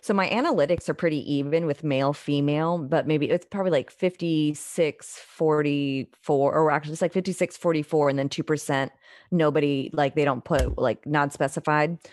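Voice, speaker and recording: A woman's voice: low-pitched, fairly even intonation, normal speed, darkish tone, no echo. A woman hosting a podcast, chatting casually and teasing her guest, laughing often. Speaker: podcast host.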